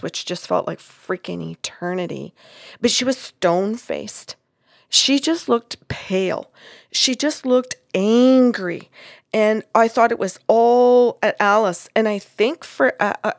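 A woman's voice: fairly high pitch, creaky, no echo, clean studio sound. A woman working as a medium, telling a long story in a casual conversation and acting out what each person said. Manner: recounts at length, acting out what people said. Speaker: medium recounting a reading.

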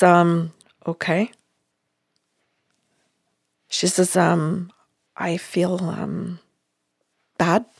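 Her pitch sits fairly low, and the studio-quality recording has no room sound. She is a counselor in her sixties who relates a session by playing out both roles in the dialogue, firm and emphatic throughout.

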